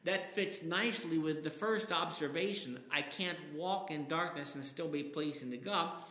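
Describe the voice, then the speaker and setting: Man, pastor preaching, bright tone, slightly high voice, echoey hall with long reverb. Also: moderate pace. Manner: reads scripture aloud with dramatic emphasis. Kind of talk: sermon.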